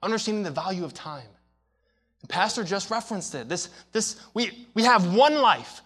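High-voiced animated male preacher. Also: normal speed, slightly rough. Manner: animated storytelling, swings from hushed to shouting. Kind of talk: sermon with personal story.

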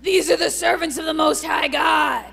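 A woman from the congregation voicing a demon-possessed young woman, calling out her line in a shout. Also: high voice, steady tone, moderate pace, vocal fry, soft background music, heavily acted. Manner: shouted, forceful delivery. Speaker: volunteer from the congregation.

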